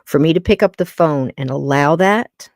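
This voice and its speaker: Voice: medium pitch, moderate pace, dry recording, studio quality. A podcast host talking to a live-stream chat in a blunt, emphatic way, repeating points for weight.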